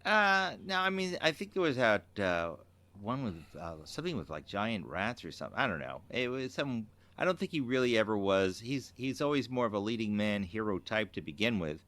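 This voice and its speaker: A man co-hosting a podcast in relaxed, casual chat. His voice is bright and forward, and it sits a little on the low side. The sound is dry and close, with no room echo. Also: normal speed. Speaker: podcast co-host.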